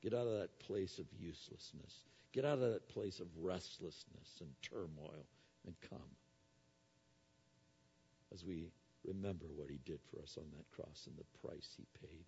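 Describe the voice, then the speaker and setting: A male pastor preaching a sermon, swinging between soft low lines and loud raised appeals. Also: normal speed, vocal fry, slightly rough, lo-fi sound.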